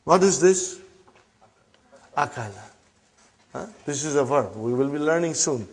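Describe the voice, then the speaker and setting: A man's voice: a little high, lively intonation, unhurried, slightly rough. Man teaching a classroom lesson. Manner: drills phrases and often checks with a questioning "huh?". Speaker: Arabic language teacher.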